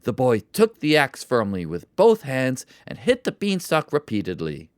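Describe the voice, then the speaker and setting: A narrator reading a children's story for English learners in a slow, deliberate and expressive way. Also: mid-range voice, dry recording, clean studio sound.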